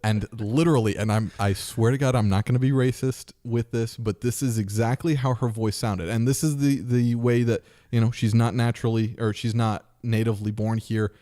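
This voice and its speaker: A man's voice: medium pitch, steady tone, moderate pace, few pauses, mellow. A man in his thirties, a podcast host, telling a story in a casual chat and acting out the voices of people in it.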